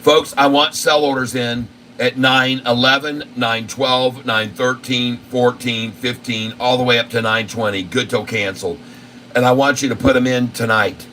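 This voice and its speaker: A man's voice: mid-range voice, pushed and bright. A man hosting live stock market commentary, insistent and repetitive as he rattles off long lists of prices. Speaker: channel host. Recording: distant mic with faint air conditioning hum.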